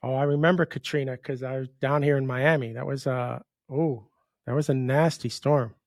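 A man's voice: mid-range voice, steady tone, normal speed, no room sound, clean studio sound. A middle-aged man hosting a casual conversation, emphatic and full of questions. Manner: emphatic, asks lots of questions. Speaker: host.

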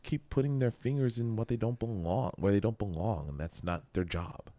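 A man's voice: lowish voice, moderate pace, dark tone, no echo. A man co-hosting a podcast, chatting loosely through the news with a rambling, jokey manner. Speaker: podcast co-host. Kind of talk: casual news chat. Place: local radio studio.

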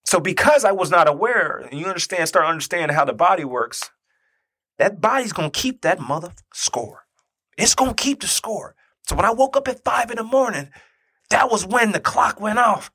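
Animated husky man telling a story. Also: high voice, moderate pace. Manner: animated, acts out quoted dialogue. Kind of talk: personal storytelling.

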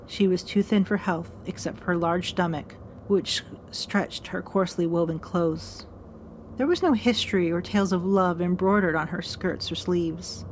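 Low-voiced woman reading a gothic tale. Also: slight background noise. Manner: measured, solemn, intimate letter-like delivery. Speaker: narrator. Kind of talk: first-person gothic story reading.

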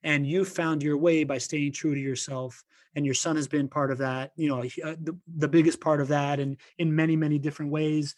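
A man's voice: fairly high pitch, steady tone, a little fast, darkish tone. A man hosting a podcast interview, enthusiastic and full of stumbling restarts. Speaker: podcast host. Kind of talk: casual interview talk.

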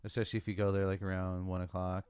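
Male co-host, low and expressive, eager and talkative. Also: rapid-fire, clear, resonant tone, no room sound. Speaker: podcast co-host. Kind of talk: casual chat among friends.

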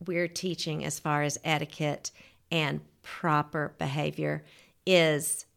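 A woman's voice: low voice, flat delivery, takes it slowly, creaky. A woman with a Southern American accent, a guest etiquette expert, chatting casually and making affirming, playful remarks. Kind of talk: casual interview conversation.

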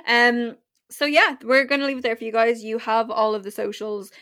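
A woman's voice: a little high, level tone, normal speed, bright, forceful tone, smooth. A tipsy woman co-hosting a podcast in casual chat, laid-back and giggly, swearing now and then. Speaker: podcast co-host.

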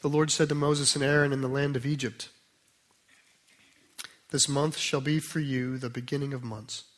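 A man preaching a sermon, explaining scripture in a conversational way, then reading a passage aloud slowly and softly. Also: medium pitch, little pitch movement. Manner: conversational teaching with restarts, slow and soft when reading scripture.

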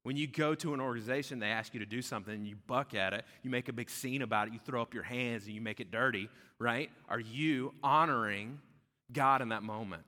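A man preaching a sermon as pastor, conversational and animated, often checking in with "right?". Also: mid-range voice, brisk. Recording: echoey hall with long reverb.

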